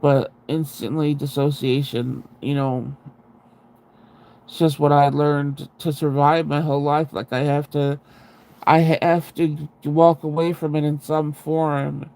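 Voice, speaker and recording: A man's voice: on the high side, level tone, slow, gravelly, a little mellow. A man hosting a livestream, chatting casually with his viewers in a rambling way, restarting sentences and laughing at himself, into a sensitive close microphone. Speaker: livestream host.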